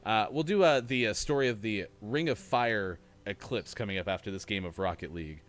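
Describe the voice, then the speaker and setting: A man's voice: fairly low pitch, brisk, fairly bright tone. A man hosting a morning gaming stream, chatting casually and rambling with many fillers while he plays. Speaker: show host.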